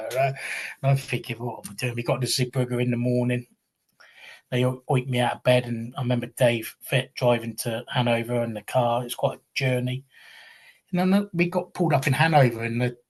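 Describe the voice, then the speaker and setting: A man in his fifties from England, a retired wrestler, telling long rambling anecdotes with many restarts and self-deprecating asides. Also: medium pitch. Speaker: guest, retired pro wrestler. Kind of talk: conversational storytelling.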